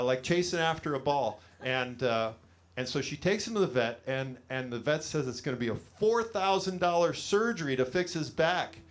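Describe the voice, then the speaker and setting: A middle-aged man from California doing a stand-up comedy set, telling rambling self-deprecating stories full of fillers on a small studio stage. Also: mid-range voice.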